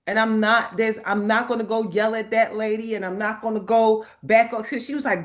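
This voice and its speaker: A woman hosting a spiritual talk, animated and emphatic, laughing often as she reads inspirational cards. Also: a little high, a little fast. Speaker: host. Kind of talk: spiritual talk and card reading.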